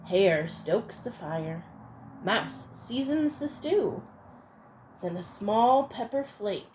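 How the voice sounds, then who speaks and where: A woman reading a picture book aloud to children, expressive and playful, adding little asides for young listeners. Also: medium pitch, takes it slowly, a little hiss or hum, low-quality recording. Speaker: storyteller.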